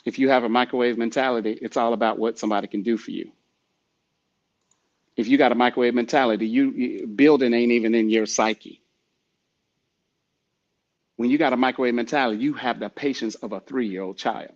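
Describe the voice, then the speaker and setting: A man gives a motivational podcast talk, speaking straight at the listener in a preachy, repetitive way. His voice sits at a middle pitch. The recording sounds dull and lo-fi. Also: steady tone, fairly quick, long pauses. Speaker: podcast host.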